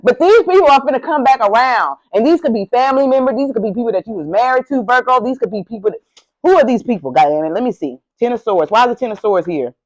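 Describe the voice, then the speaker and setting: A woman's voice: a little high, animated, fast, rough recording. A woman doing a casual tarot reading to camera, sassy and profane, talking straight to the viewer with lots of animation. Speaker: tarot reader. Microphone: camera mic, speaking to camera.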